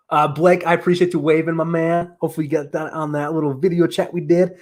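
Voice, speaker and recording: A man hosting a casual live stream, talking in an excitable, rambling way full of "like". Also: fairly high pitch, brisk. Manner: excitable, rambling, heavy use of "like". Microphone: streaming setup on camera.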